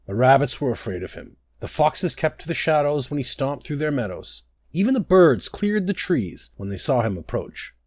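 A man narrating a scripted druidic fable in a measured storytelling manner. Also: mid-range voice, big pitch swings, a little mellow, no room sound.

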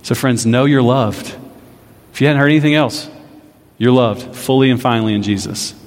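A man preaching a sermon in a church, in a conversational style with lively storytelling. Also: mid-range voice, moderate pace. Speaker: pastor. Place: church sanctuary. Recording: long reverb of a large hall.

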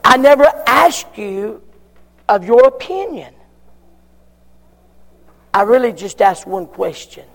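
A man preaching a sermon, emphatic, repeating his questions with long pauses. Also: sits high, expressive, vocal fry, fairly bright tone, long reverb tail. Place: church.

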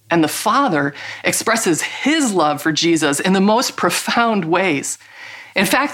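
Woman, middle-aged, devotional talk, unhurried, slightly low voice, earnest emphasis. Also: a bit bright. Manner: slow, earnest, emphatic with drawn-out key words. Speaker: Christian speaker.

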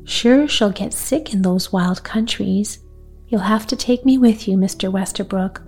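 A woman's voice: medium pitch, a little slow, darkish tone, breathy edge, soft background music. A woman voicing an anxious, doting old grandmother who wails her worries in a bedtime storybook. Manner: wailing.

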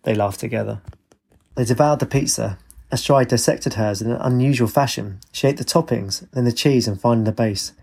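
A man reading a story aloud in a steady, even storytelling manner. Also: medium pitch, a little fast, gravelly, slightly rough. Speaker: narrator. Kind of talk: storybook narration.

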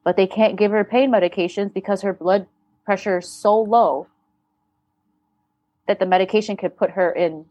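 A woman speaking as a podcast guest, telling a painful family story in a candid, blunt way, with halting restarts and some swearing. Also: mid-range voice, steady tone, a little mellow, no echo, highs cut off. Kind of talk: emotional personal storytelling.

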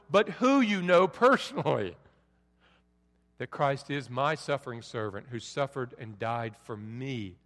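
A middle-aged male pastor preaching a sermon, swinging from soft pleading lows to loud forceful peaks. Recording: long reverb of a large hall.

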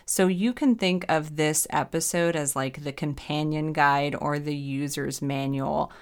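Woman podcast host, hypnotherapist; low voice, chatty and self-mocking. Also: steady tone, unhurried, smooth. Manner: chatty, upbeat, laughs at herself. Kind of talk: casual solo podcast talk.

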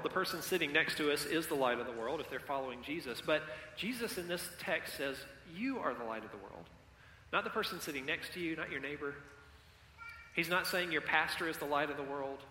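In an echoey sanctuary with long reverb, a pastor whose voice is a little high and sharp leads an interactive sermon, prompting the congregation to call out and echo him. Some slight hiss or hum is audible.

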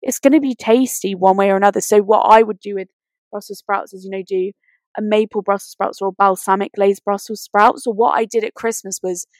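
A woman's voice: mid-range voice, fairly even intonation, fairly quick, a little mellow, dry recording. A woman co-hosting a podcast, chatting casually and enthusiastically with lots of "you know". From Britain. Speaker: podcast co-host. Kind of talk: casual chat.

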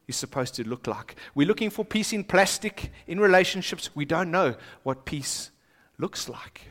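A South African man preaching a sermon in a church, swinging from hushed lines to shouting. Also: on the high side. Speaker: pastor. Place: church auditorium. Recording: long reverb of a large church hall.

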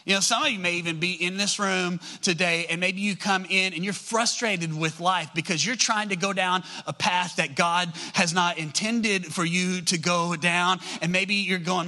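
Bright, high-voiced pastor preaching. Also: male voice. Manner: storytelling, rises high and fast when excited. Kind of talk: sermon.

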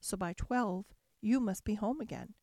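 A woman reading a storybook aloud, voicing a kindly, brisk little old fairy godmother who gives orders gently. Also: mid-range voice, no room sound, clean studio sound. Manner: gently commanding, quick to impatience.

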